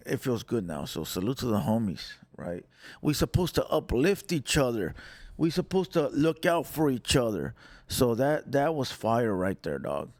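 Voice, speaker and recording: A man casually telling a story to his viewers in streetwise slang, animated as he retells it. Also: a little high, dry recording. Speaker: commentary channel host.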